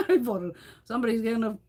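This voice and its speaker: A woman's voice: on the high side, big pitch swings, fairly quick, dark tone, slightly rough. A middle-aged woman hosting a beauty livestream, chatting casually with viewers, laughing often and swearing freely.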